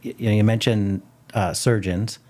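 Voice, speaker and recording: Host: man, low voice, conversational, keeps prompting the guest with questions. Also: steady tone, moderate pace, a little mellow. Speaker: podcast host. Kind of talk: casual podcast interview.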